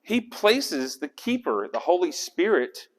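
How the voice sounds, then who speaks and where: A man's voice: high-pitched, unhurried. A man leading a casual Bible study, talking through the passage and asking his group questions. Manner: animated, acts out characters' lines; conversational, asks the group questions.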